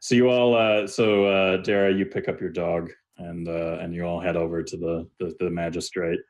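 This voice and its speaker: A man's voice: low voice, level tone, moderate pace, a little mellow. A man narrating as game master, loose and full of uhs and likes. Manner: loose, filler-heavy narration.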